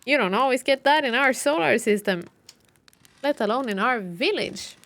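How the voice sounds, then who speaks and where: A woman reading aloud the lines of a calm, lonely male alien who keeps watch at a remote outpost, in an easygoing game voice. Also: on the high side, normal speed.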